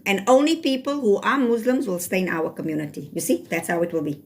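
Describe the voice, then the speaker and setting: South African woman host, brisk and scolding, live-chat streamer. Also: mid-range voice. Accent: South African (Cape Town). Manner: firm, scolding, mixes Afrikaans phrases. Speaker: livestream host.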